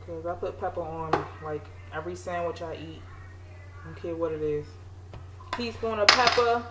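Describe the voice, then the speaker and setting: In her echoey kitchen, with background noise running steadily, a Maryland home cooking vlogger chats to camera and pokes fun at herself as she cooks. She speaks at a normal speed with a fairly low pitch.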